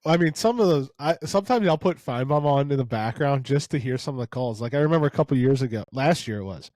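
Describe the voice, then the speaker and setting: Co-host, man, relaxed storyteller, mid pitch, dry close mic. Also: fast, no room sound. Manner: relaxed storytelling, laughs easily. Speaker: podcast co-host. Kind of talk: casual sports chat.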